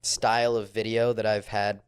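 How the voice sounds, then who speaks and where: A man talking casually as a podcast guest, relaxed and trailing off as he thinks aloud. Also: lowish voice, normal speed, clean tone, no room sound, clean studio sound.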